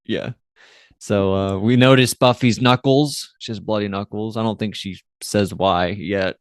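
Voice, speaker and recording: A man's voice: lowish voice, steady tone, unhurried, clear, resonant tone, no room sound, studio quality. A man co-hosting a podcast, chatting casually and rambling through an episode recap, often acting out the characters' lines. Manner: rambling, loose, with fillers and playful quoting of characters. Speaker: podcast co-host.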